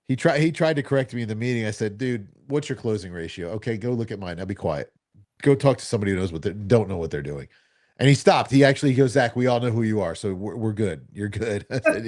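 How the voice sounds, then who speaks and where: Male co-host, mid-pitch, animated storyteller who voices the people in his anecdotes. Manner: animated, acts out quoted dialogue. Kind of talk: casual storytelling chat.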